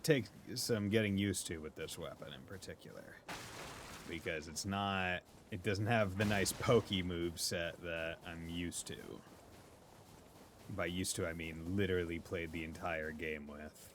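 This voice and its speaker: A man's voice: sits low, measured pace, noisy background. A man streaming a video game live, chatting casually and joking as he plays. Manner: laid-back, joking, muttering asides. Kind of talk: casual live gameplay commentary.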